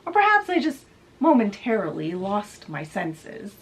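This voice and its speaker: A woman's voice: mid-range voice, wildly swooping pitch, a little slow, a little hiss or hum, low-quality recording. A woman voicing a sarcastic, bitter male god of the underworld, threatening in a retold story.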